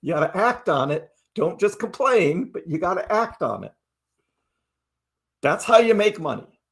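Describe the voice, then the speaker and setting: High-voiced chatty man hosting a livestream. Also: big pitch swings, a little slow, fairly bright tone. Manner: chatty, keeps asking "right?". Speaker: crypto livestream host. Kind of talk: casual livestream talk.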